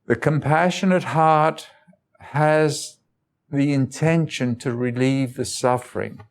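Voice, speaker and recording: Slow, gravelly-voiced man telling stories. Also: mid-range voice, fairly even intonation. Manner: chuckles often while telling stories; loose, conversational phrasing with restarts. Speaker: guest speaker. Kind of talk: informal talk with personal anecdotes.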